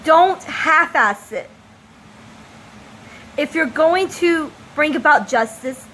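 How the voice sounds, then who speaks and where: A woman's voice: sits high, lively intonation, bright, forceful tone, slight background noise, low-quality recording. A woman from the United States speaking an emphatic, impassioned opinion monologue as a vlogger. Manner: impassioned, emphatic, slow deliberate delivery.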